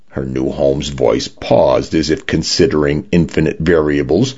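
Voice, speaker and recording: A man narrates science fiction stories on the radio. His voice is very deep, gravelly and husky, slow but lively in pitch. The broadcast sounds dull and lo-fi. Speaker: radio story reader. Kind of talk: scripted narration.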